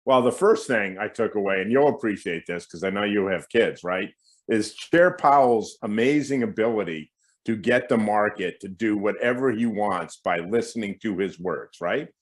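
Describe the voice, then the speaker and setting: Middle-aged male guest, low voice, chatty and animated, lots of asides. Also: moderate pace. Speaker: guest market strategist. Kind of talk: casual finance interview.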